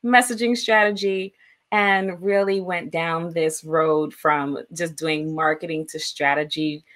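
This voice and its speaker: A woman from New York, a marketing strategist guest, who sounds warm and gracious and laughs often as she speaks. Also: sits low, steady tone, a little slow.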